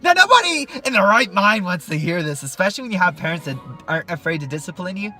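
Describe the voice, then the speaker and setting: A man's voice: sits high, very animated, fast, bright, forceful tone, faint music behind. A man telling a funny childhood story in a casual vlog, talking animatedly and joking straight to the camera.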